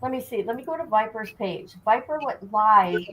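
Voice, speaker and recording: Loud lively woman livestreaming, bright voice, big swoopy pitch, jokey know-it-all vibe. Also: normal speed, poor audio. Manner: boisterous, laughing, know-it-all banter. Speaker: livestream host. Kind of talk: casual livestream chat.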